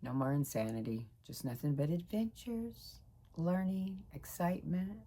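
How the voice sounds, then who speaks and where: A woman in her sixties giving a rambling, emotional personal vlog update; her voice jumps high when she gets excited. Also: normal speed, slightly rough. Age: 60s. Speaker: vlogger.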